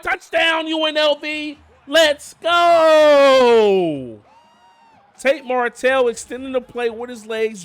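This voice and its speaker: Young guy w a high voice doing hype play-by-play on his football game, keeps saying boys and man. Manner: excitable, hypes big plays, keeps saying "boys" and "man". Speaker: gaming YouTuber. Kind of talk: casual play-by-play game commentary.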